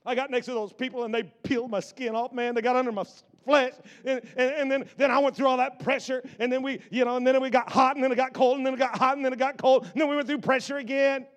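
High-voiced preaching man, animated. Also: quick pace, hardly any pauses, dull audio. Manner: animated, repetitive preaching with rising emphasis. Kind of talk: sermon.

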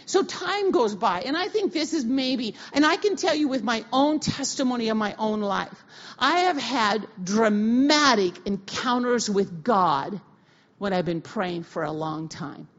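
Middle-aged woman pastor, higher pitched, chatty storytelling preacher; recording sounds dull and lo-fi. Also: a little slow. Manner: animated storytelling with casual slang and restarts. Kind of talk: conversational sermon. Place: church sanctuary. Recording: dull, lo-fi audio of a church talk.

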